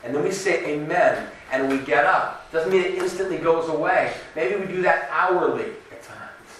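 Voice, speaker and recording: A man preaching a sermon in a conversational, animated way, acting out the voices of people he quotes. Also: a little high, moderate pace, heavy reverb, distant mic, a little hiss or hum, low-quality recording. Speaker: pastor.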